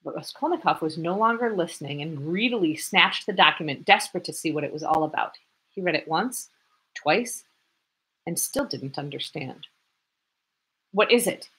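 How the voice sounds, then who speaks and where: A woman reading a classic novel aloud with expressive, dramatic narration. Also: low-pitched, moderate pace, husky.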